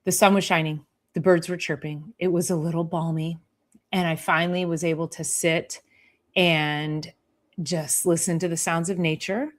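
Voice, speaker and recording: A woman chiropractor hosting a live health talk, chatting casually and acting out her patients with playful sing-song sounds. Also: on the low side.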